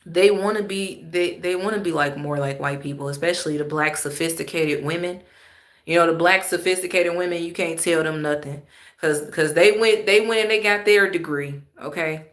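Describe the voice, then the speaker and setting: A woman commenting on a livestream in a blunt, emphatic, slangy way. Her voice sits a little low yet sounds bright and forceful, answering chat comments casually. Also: moderate pace, echoey room.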